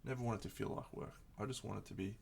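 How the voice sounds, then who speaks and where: A man's voice: fairly low pitch, steady tone, racing, creaky, a little hiss or hum. A man chatting casually on a live stream while painting miniatures, reflective and rambling, often restarting his sentences. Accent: Australian.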